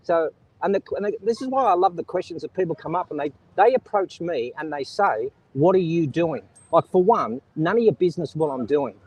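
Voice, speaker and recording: An Australian man with a husky, slightly high voice hosts a live stream outdoors on a beach. He talks straight to his viewers in a casual, opinionated way, reading out their chat comments as he goes. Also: expressive, brisk, a little mellow, low-quality recording.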